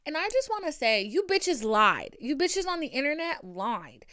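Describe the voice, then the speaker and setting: A woman's voice: high-pitched, moderate pace, dry recording, clean studio sound. Chatty woman with a light Boston accent. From Boston area, USA. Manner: chatty, profane, animated and dramatic. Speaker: podcast host. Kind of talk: casual monologue.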